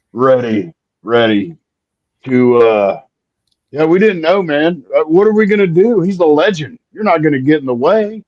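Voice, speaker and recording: A man tells animated stories and acts out other people's voices as he goes. His voice sits a little high for a man. The audio is dull, lo-fi, and dry. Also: no room sound. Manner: animated anecdotes, acts out quotes. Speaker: guest, wrestler. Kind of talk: casual storytelling.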